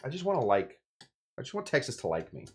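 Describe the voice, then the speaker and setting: A man's voice: medium pitch, wildly swooping pitch, fast talker, darkish tone, husky. A man from California hosting a casual cocktail-making video, talking in a rambling, jokey way with playful asides. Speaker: cocktail show host.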